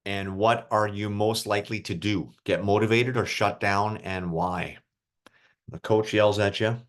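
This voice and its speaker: A man's voice: lowish voice, fairly even intonation, unhurried. A man coaching a group of young hockey players over a video call, casual and encouraging, asking them questions. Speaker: youth hockey mental coach. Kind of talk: online group coaching session.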